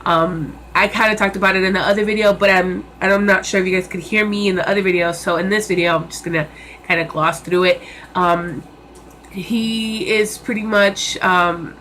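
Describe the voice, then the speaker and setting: A woman's voice: medium pitch, fairly even intonation, moderate pace, a bit bright, a little hiss or hum. A young woman reviewing a movie in a casual vlog, chatty and enthusiastic, with many fillers and repeated words.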